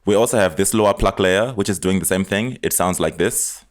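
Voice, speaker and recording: A man's voice: sits low, brisk. A man, a music producer, casually explaining step by step how he built a beat, in a tutorial voice-over. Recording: music playing underneath.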